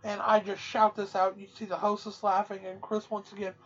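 Husky woman telling a rowdy story. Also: mid-range voice, brisk. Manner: loose, profane, animated anecdote-telling. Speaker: podcast co-host. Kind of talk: casual storytelling. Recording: dull, muffled audio.

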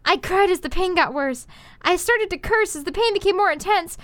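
A woman's voice: extremely high pitch, lively intonation, normal speed, a bit bright, dry recording. A young woman hosting a comedic fan fiction reading, with giggly, self-deprecating asides.

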